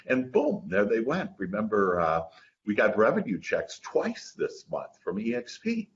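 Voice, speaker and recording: A man's voice: medium pitch, big pitch swings, unhurried. A man speaking as a guest mindset coach in a casual interview, rambling and earnest. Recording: dull lo-fi sound.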